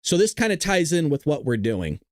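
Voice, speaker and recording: Excitable male political livestream host. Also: on the high side, normal speed, dry recording, studio quality. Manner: excitable, joking and combative, talking straight to chat. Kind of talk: live-streamed political commentary.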